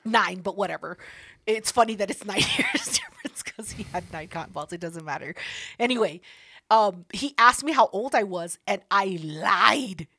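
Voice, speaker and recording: With a medium-pitched, slightly rough voice at normal speed and no room sound, a podcast host in her thirties tells a story conversationally. She's animated, uses plenty of profanity, and impersonates the people in her account.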